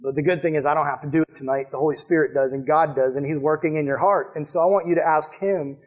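A young man preaching a sermon to a live audience in a church building, earnest and direct, often dropping to a hushed appeal. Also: a little high, fairly even intonation, quick pace, few pauses. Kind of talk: sermon with altar call.

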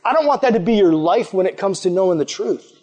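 A man's voice: high voice, expressive, fast talker, a little mellow. A man preaching a casual sermon to young people, enthusiastic and chatty, often saying "like" and "man". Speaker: youth pastor.

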